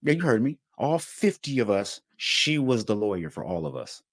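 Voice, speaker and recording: Man, low voice, animated casual storytelling, slangy, dry close sound. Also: normal speed, dry recording. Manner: animated, slangy, lots of fillers, acts out quotes. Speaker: channel host telling his story.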